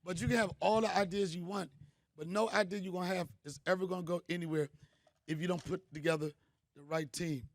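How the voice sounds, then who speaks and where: A man's voice: high-pitched, steady tone, fast talker, no room sound. A middle-aged man hosting a crowd, telling loose, slangy, joking stories. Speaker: comedian host speaking to an event crowd. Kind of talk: storytelling speech to a live crowd.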